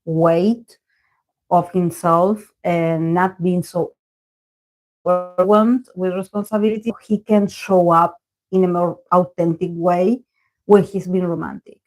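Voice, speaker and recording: A woman's voice: fairly low pitch, fairly even intonation, takes it slowly, a little mellow, low-quality recording. A woman who is a native Spanish speaker, reading tarot on a live stream in casual, rambling talk full of fillers and restarts. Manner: rambling, many fillers and self-corrections. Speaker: tarot reader.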